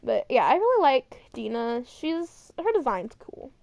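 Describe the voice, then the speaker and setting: A woman's voice: high-pitched, sing-song, a little slow, creaky, a little mellow, no room sound. A young woman streaming, chatting casually and rambling as she looks through game models, with some swearing. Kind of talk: casual chat over a model viewer.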